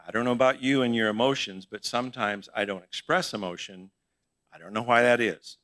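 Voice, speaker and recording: A man's voice: fairly low pitch, sharp tone, no room sound. A middle-aged male pastor giving a conversational sermon in church, asking his congregation questions as he teaches.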